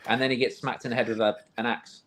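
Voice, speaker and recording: A man's voice: medium pitch, flat delivery, fast talker, fairly bright tone. A man co-hosting a casual film podcast, telling rambling stories and quoting his own reactions. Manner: rambling storyteller, restarts, quotes himself. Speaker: podcast co-host. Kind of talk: casual chat.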